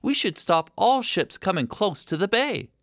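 Reading a storybook, a man does a full character voice for a curious, insistent young girl, pitched above his own natural voice. It sits high with big pitch swings at normal speed, slightly bright, in a dry, studio-quality recording.

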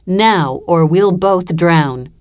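Woman voicing a calm mother, steady, firm, low-pitched voice. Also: drawn-out words, smooth, no room sound, clean studio sound. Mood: pleading. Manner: calm, urgent instructions.

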